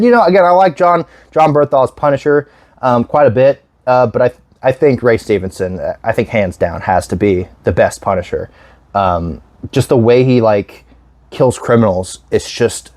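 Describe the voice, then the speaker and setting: A man's voice: mid-range voice, a little mellow, dry recording. A man in his twenties rambling casually through a movie vlog, swearing often and breaking into laughter. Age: 20s. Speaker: YouTube host.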